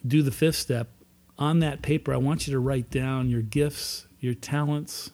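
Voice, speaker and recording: A man's voice: medium pitch, darkish tone. Earnest man telling his recovery story. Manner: earnest storytelling, emphatic repetitions. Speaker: recovery meeting speaker. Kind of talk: personal testimony talk.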